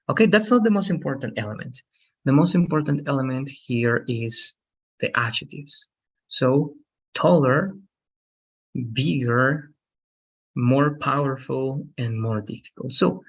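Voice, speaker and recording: Husky male language teacher, encouraging, models pronunciation slowly; dull lo-fi recording. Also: medium pitch. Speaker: English teacher. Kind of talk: online language lesson. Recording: dull lo-fi sound.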